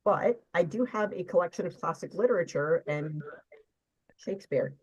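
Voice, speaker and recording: A woman's voice: on the low side, lively intonation, moderate pace, a little mellow, slightly rough, muffled recording. A woman co-hosting a stream, chatting casually in a dry, wry, self-deprecating way. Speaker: stream co-host. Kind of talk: casual chat.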